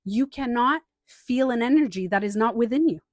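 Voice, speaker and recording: A woman's voice: on the high side, normal speed, dry recording. Chatty woman coach, dry sound. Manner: chatty, animated storytelling with acted-out quotes. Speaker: life coach and author. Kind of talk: live stream talk answering chat.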